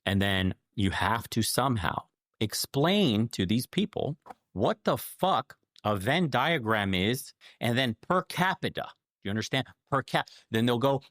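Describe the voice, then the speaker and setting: A man's voice: mid-range voice, sing-song, unhurried, a bit bright, dry recording, clean studio sound. A man giving opinion commentary in a lecturing, emphatic, sarcastic manner. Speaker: commentator in a played clip.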